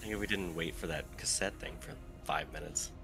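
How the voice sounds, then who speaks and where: A man's voice: sits low, steady tone, normal speed, gravelly. A man playing a co-op game over voice chat, answering defensively in short replies. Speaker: gamer playing co-op. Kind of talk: casual gameplay chat.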